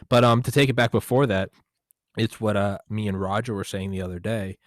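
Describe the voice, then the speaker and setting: A man's voice: lowish voice, fairly even intonation, brisk, no echo, clean studio sound. An American man hosting a podcast, talking casually in a rambling, jokey way with a lot of swearing. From United States. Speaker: podcast host.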